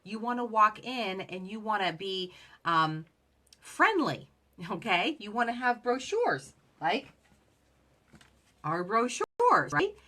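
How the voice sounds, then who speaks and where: A woman's voice: medium pitch, sing-song, slow, long pauses, pushed and bright. A woman giving chatty sales advice who acts out both sides of the conversations she describes. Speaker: direct sales coach. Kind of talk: casual motivational talk.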